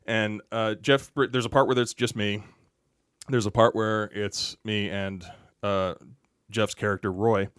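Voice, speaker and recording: A man on a podcast as a guest, telling a relaxed, chatty anecdote full of asides. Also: on the low side, a little slow, clean tone, no room sound, studio quality. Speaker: podcast guest, actor and stuntman. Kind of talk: casual storytelling on a podcast.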